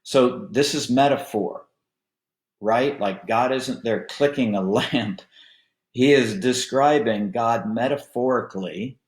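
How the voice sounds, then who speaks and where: A male pastor leading a Bible study in an unhurried, conversational teaching manner with frequent filler words. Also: medium pitch, roomy sound.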